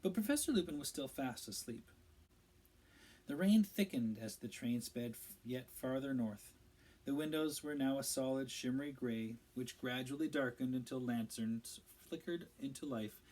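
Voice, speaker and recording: A man narrating a storybook aloud in a steady, measured read-aloud style. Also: mid-range voice, low-quality recording. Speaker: audiobook reader.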